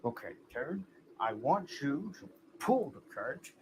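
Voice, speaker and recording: A young amateur voicing several fan-film characters, talking trains and farm folk, in a plain, unpolished way with slow, drawn-out lines. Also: medium pitch, very animated. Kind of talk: hobby fan-film voice acting. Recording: noisy old fan-film soundtrack.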